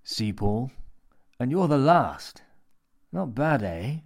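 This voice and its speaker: A man's voice: mid-range voice, very animated, slow, vocal fry, darkish tone, pitched above the performer's own voice, exaggerated voice. Brief: man voicing a creepy old stranger in an audio horror tale, theatrical and preachy, raised voice. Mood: wheedling. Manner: theatrical, wheedling, lecturing. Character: sinister mad old man with pierced lips.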